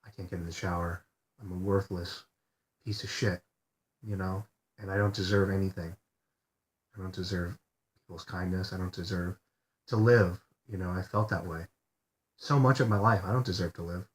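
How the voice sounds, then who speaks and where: A depressed man in a personal video diary, talking quietly and haltingly from his bed, repeating himself and swearing often. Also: low-pitched, steady tone. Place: lying in bed.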